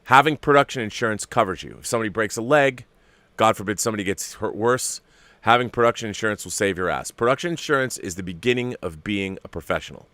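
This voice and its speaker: A fairly low-voiced man chats casually as the host of a live stream, reading out and answering viewer messages. He gets excitable and swears freely, sinking to hushed near-whispers and then bursting out loudly. The sound is close and dry, with no room echo. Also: fast talker.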